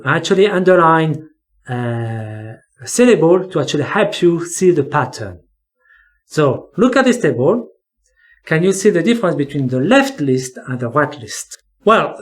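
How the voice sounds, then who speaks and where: This is an English teacher walking through spelling rules in a lesson. The delivery is slow and deliberate, with key words repeated for emphasis. The voice swings up and down in pitch as it explains.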